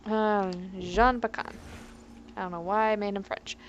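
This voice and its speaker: A woman's voice: medium pitch, steady tone, unhurried, highs cut off, slight background noise. A woman hosting a let's play, reading in-game history entries aloud with joking asides and frequently tripping over her words. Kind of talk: casual gameplay commentary.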